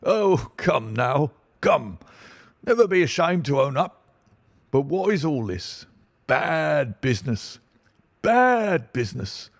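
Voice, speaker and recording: A man voicing a stout, blustering middle-aged police inspector with a muffled, husky, wheezing voice in an audiobook. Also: a little high, no room sound, voice pushed up. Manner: pompous, brash and self-satisfied. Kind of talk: audiobook reading.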